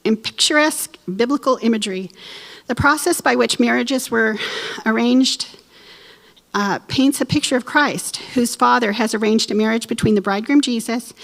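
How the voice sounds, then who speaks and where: A woman teaching a church Bible lesson, expressive and emotional, with playful asides. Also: on the high side, normal speed, creaky.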